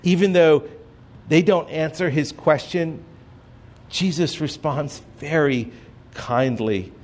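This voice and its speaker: Slow, earnest higher-voiced male pastor. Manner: earnest, drops to soft emphasis on key phrases. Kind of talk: sermon.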